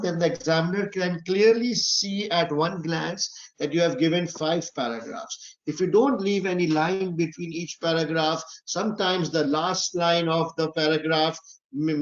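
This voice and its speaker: A man teaching an exam-preparation webinar, giving instructive advice and repeating his key points with frequent fillers. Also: on the high side. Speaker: exam tutor. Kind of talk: online exam-prep webinar. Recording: dull lo-fi webinar audio.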